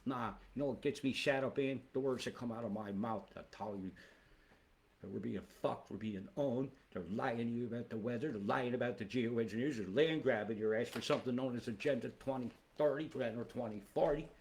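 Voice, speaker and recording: A man's voice: medium pitch, a little fast, a little mellow. A man hosting a weather livestream who rambles into angry, profane, conspiratorial rants.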